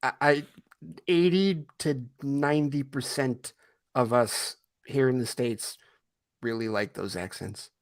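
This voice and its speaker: A man's voice: mid-range voice, steady tone, takes it slowly, no room sound. Eager man in a casual film chat. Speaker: guest co-host.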